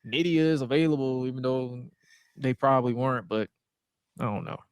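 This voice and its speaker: A man in his thirties co-hosting a podcast, telling stories in a casual, animated way, swearing freely and using lots of fillers. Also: mid-range voice, fairly quick, clear, resonant tone, no room sound. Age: 30s. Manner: animated, profane storytelling with many fillers. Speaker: podcast co-host. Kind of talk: casual chat.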